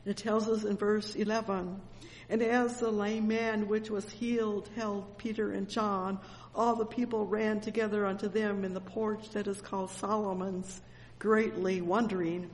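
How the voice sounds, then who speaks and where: A woman's voice: medium pitch, flat delivery, normal speed, darkish tone, slight background noise. A woman preaching a sermon with fervent exclamations, reading scripture and retelling it. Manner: fervent, frequent exclamations of "oh" and "amen". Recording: long hall reverb with faint ambience.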